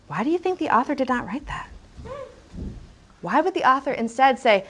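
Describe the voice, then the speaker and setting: A woman teaching a first-grade language lesson, encouraging and animated, reading lines aloud slowly and rhythmically. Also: high-pitched.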